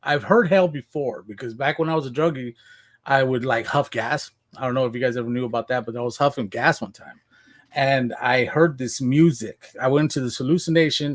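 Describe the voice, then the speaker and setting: A man from Washington State telling his life story as a podcast guest, casual and animated, acting out what he said back then. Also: medium pitch. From Washington State, USA. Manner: animated, acts out his own past voice.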